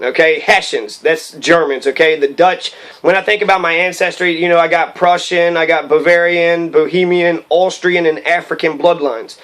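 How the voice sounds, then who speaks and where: A man's voice: on the high side, fairly even intonation, moderate pace, fairly bright tone, low-quality recording. A man rambling about history and ancestry, cursing often and circling back with fillers. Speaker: history commentator. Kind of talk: rambling profane commentary.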